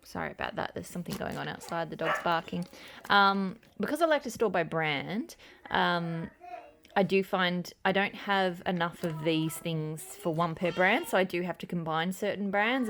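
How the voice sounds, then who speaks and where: Australian woman, casual vlog chatter, pitched a touch low, noisy home recording. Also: a bit bright. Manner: rambling and chatty, with many ums and restarts. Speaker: wax melt collector showing her stash. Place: home with noises around.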